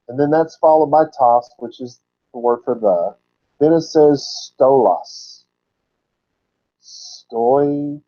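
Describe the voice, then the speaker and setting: A man giving sermon-style Bible teaching at a mid pitch, unpacking word roots and repeating terms slowly for emphasis. The recording sounds dull and lo-fi. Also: dark tone.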